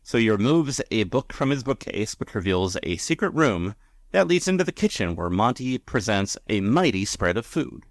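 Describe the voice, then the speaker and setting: A man's voice: fairly low pitch, sing-song, normal speed, no room sound. Male podcast co-host, rambling casual recap, dry close sound. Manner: rambling, filler-heavy.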